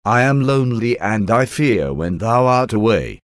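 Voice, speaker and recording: A man's voice: mid-range voice, big pitch swings, unhurried, no echo, clean studio sound. A man voicing a frightened young wife who pleads with her husband in old-fashioned speech. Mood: frightened pleading.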